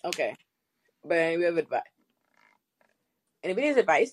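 A woman from the West Indies hosting a live call-in podcast, an attorney who talks in an animated, teasing, slangy way. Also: fairly low pitch, normal speed. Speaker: host and attorney.

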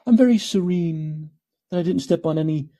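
A man putting on a smug, soft-spoken male politician in an exaggerated, mocking sing-song. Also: a little high, moderate pace, pitched above the performer's own voice, close to an everyday voice.

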